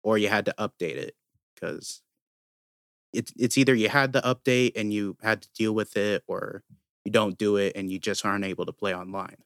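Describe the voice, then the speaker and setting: A man's voice: fairly low pitch, moderate pace, vocal fry, fairly bright tone, clear, resonant tone, no room sound, studio quality. A man co-hosting a casual gaming podcast, explaining things at length with lots of fillers. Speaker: podcast co-host.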